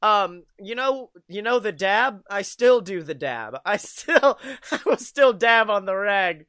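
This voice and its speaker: A man's voice: high-pitched, expressive, slow, a bit bright, no room sound, clean studio sound. A young man co-hosting a podcast, joking and laughing often as he tells stories in casual chat. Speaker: podcast co-host.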